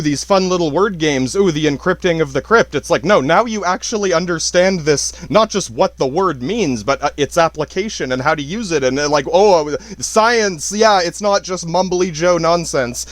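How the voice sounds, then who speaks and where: In a dry recording with no echo, a high-voiced man hosts a podcast, wandering through a profane, casual monologue. He laughs often as he moves from one point to the next.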